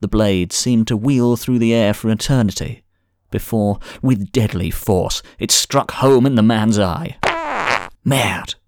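Male audiobook narrator, low, measured storytelling, dry studio read. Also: darkish tone, no room sound.

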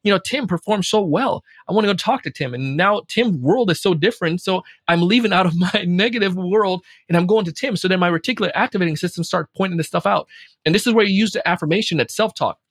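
A man talking casually as a podcast guest, animated, acting out quoted voices. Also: high voice, quick pace, slightly rough, dry recording, clean studio sound. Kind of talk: casual chat.

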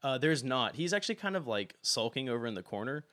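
A young man running a tabletop game as game master, narrating in a relaxed way with many fillers. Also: medium pitch, fast, no echo, studio quality.

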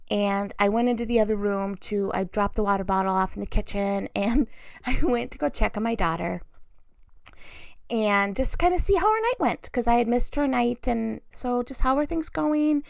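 Middle-aged woman, casual vlogger, fry in the voice, dry close mic, animated storyteller. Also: fairly high pitch, no echo. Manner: chatty, laughs often, animated storytelling. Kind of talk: casual chat to camera.

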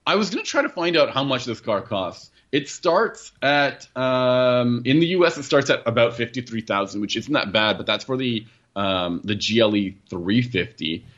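A man's voice: mid-range voice, expressive, moderate pace, few pauses, fairly bright tone. A man reviewing a car in a casual podcast chat, rambling and correcting himself as he goes, with small laughs at his own jokes. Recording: muffled, lo-fi audio.

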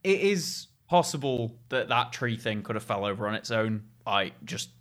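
A man's voice: lowish voice, lively intonation, moderate pace, a bit bright. Hesitant man, casual chat. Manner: hesitant, swears freely, laughs often. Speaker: paranormal investigator, skeptic.

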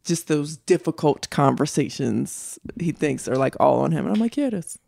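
A middle-aged woman co-hosting a podcast, telling stories in an animated, chatty way and laughing often. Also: low-pitched, moderate pace, creaky, dry recording, studio quality. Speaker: podcast co-host. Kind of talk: casual chat.

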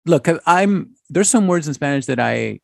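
A man co-hosting a casual podcast, telling relaxed stories with animation. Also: a little high, normal speed, creaky, no echo, studio quality. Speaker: podcast co-host. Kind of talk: casual chat.

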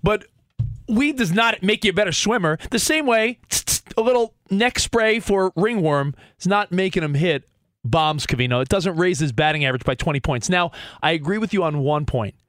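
A man with a high, very lively voice co-hosting sports talk radio. He argues in a mock-earnest, animated way and keeps jumping in over his partner. The studio sound is dry and close. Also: moderate pace, no room sound. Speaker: radio show co-host. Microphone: studio microphone.

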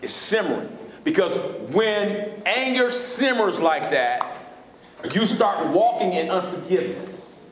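A man's voice: high voice, animated, takes it slowly, slight background noise. A man preaching a sermon as pastor, questioning his congregation in call-and-response style from a church sanctuary. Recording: echoey hall.

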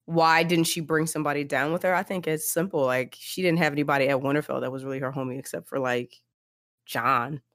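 A low-voiced woman co-hosting a book podcast. She talks in a casual, emphatic way and repeats her points when she gets going. The mic sound is close and dry. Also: a little fast, dry recording. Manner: animated, emphatic, repeats herself. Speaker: podcast co-host.

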